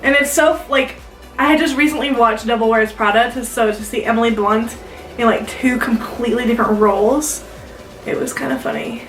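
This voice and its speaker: A young woman with a slightly high voice chats and rambles as she gets ready, filling her sentences with "like". She sounds a little away from the camera mic, in a room with an echo. Faint music plays underneath. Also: fairly even intonation, fairly quick, fairly bright tone, recorded from a distance. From South Dakota, US. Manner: chatty, rambling, many "like" fillers. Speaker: beauty vlogger. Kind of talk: casual get-ready-with-me chat.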